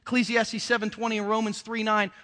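A pastor giving a sermon in a church, talking in a casual, animated way and acting out the people in the scripture. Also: male voice, high voice, a little fast, big-room sound. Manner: animated, conversational preaching that acts out the scripture characters.

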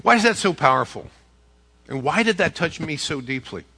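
A male pastor preaching a sermon. His voice is somewhat high and very bright as he speaks in an earnest, personal way. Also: big pitch swings, moderate pace, husky.

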